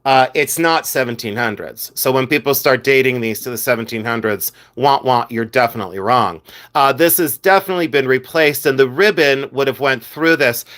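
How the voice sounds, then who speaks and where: A middle-aged man who resells vintage jewelry hosts a casual livestream, his mid-range, fairly bright voice moving a little fast. He sounds frank, blunt and fed-up, exasperated and leaning heavily on "uh" fillers.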